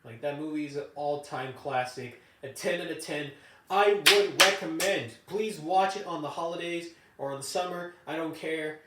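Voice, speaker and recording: A young man vlogger rambles through a profane, loosely built rant. His voice sits a little high for a man. The sound is roomy and distant, as if the mic is across the room. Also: normal speed, hardly any pauses, noisy background. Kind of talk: casual rant to camera.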